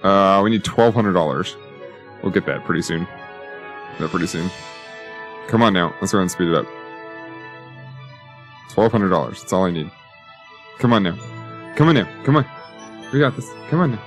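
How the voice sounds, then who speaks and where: A man's voice: deep voice, normal speed, long pauses, soft background music. A man giving casual, rambling let's-play commentary, joking and talking to himself as he builds. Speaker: gaming YouTuber.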